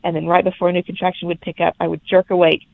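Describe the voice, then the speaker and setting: A young woman, telling her birth story as a podcast guest in lively, laughing casual chat. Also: fairly low pitch, rapid-fire, creaky, no echo. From Alabama, USA. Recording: tinny phone-like remote line.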